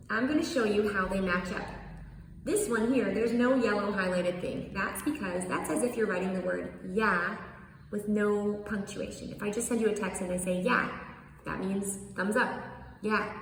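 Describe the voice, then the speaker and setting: Female teacher, mid pitch, explains to camera with playful demonstrations, distant mic in a reverberant hall. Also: a little hiss or hum. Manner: animated, acts out tones on one word. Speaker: language teacher. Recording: echoey room, far from mic.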